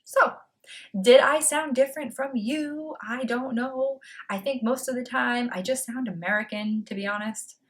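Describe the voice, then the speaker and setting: A woman's voice: a little high, moderate pace. A young woman from north of Boston with a light Boston accent, chatting casually to camera as a book vlogger. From Massachusetts, north of Boston. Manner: chatty and playful, lively on word lists. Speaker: BookTube vlogger.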